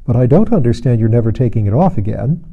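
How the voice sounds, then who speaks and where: A man voicing a curious young detective who speaks quietly and directly in an audiobook reading. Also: mid-range voice, very animated, fast talker, breathy edge, narrow, tinny audio. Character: young male poet-detective, curious and sharp.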